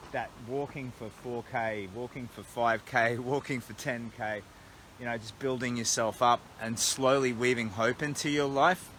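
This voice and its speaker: Outside a roadside motel at night, a man with an Australian accent chats on a livestream from a phone held at arm's length while on a charity walk. His medium-pitched voice has a sharp tone, and his rambling talk is casual and self-deprecating over slight background noise.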